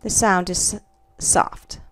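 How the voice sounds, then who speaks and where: In a slightly bright voice, a woman teaches Spanish pronunciation slowly and carefully. She repeats every example word and checks in with "okay" and "all right."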